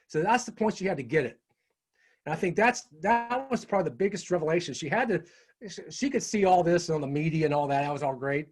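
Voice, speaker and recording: A middle-aged man telling a personal story in casual conversation as an interview guest, animated and peppering his talk with "right?". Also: a little high. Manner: animated storyteller, frequent "right?" tag questions.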